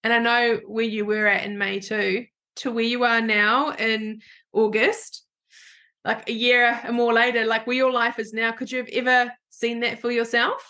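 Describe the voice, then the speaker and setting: A woman's voice: fairly high pitch, little pitch movement, normal speed, sharp tone. A woman hosting a podcast, bubbly and self-deprecating, chatting casually with a guest. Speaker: podcast host.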